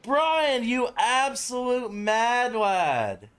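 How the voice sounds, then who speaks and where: A man live-streaming a strategy game, chatting casually with viewers and breaking into loud, shocked exclamations. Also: very high voice, sing-song, very slow, clear, resonant tone.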